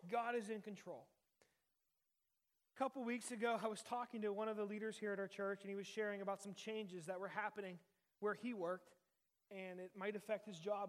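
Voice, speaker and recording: High-voiced pastor preaching. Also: male voice. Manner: conversational preaching with emphatic repetition. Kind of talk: sermon.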